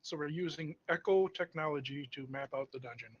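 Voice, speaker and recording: A man's voice: a little high, fairly quick, no echo, highs cut off. A man playing a tabletop game, speaking in a wry, joking manner. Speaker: player. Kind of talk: casual tabletop game play.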